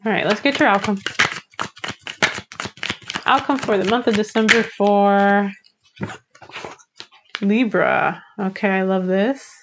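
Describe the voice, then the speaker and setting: A woman's voice: medium pitch, takes it slowly, long pauses, noisy background. Chatty woman giving a tarot reading. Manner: chatty, encouraging, uses "like" often. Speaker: tarot reader. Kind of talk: casual tarot reading to camera.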